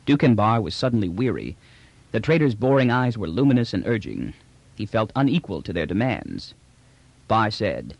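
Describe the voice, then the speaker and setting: A man narrating an audiobook in measured storytelling fashion. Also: lowish voice, sing-song, vocal fry, no echo, lo-fi sound. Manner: measured storytelling voicing each character.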